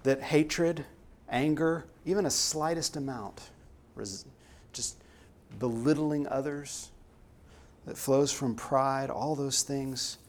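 An earnest man preaching a sermon at an ordinary middle pitch. He leans hard on the words he wants to land and pushes the point home. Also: slow. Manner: earnest, emphatic, rising to stress key words.

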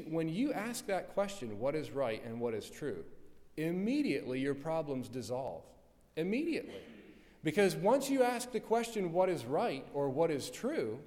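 A man's voice: medium pitch, a little mellow. A pastor preaching a sermon, pressing his point with rhetorical questions and repeated words. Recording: long hall reverb.

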